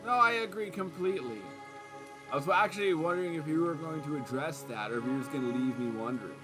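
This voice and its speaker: A man's voice: fairly high pitch, fast talker, over music. A man streaming a detective game, commenting with sarcastic jokes. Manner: joking, sarcastic asides.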